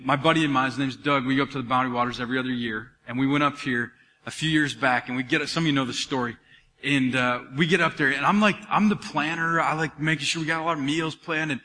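A man preaching a sermon to his congregation, talking in an animated, conversational way with asides to the listeners. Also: fairly high pitch. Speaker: pastor. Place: church sanctuary. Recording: long reverb of a large church hall.

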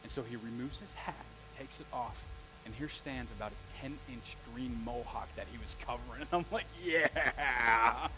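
With a mid-range voice at normal speed, a pastor delivers a live sermon full of animated stories and questions for the congregation. Background noise can be heard.

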